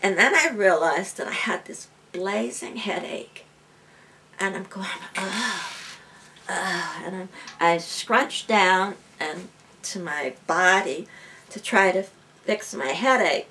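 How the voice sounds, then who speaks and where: Woman interview guest, bright voice, lively storyteller. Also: medium pitch, takes it slowly. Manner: lively storyteller, laughing often. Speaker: guest, healer and medium.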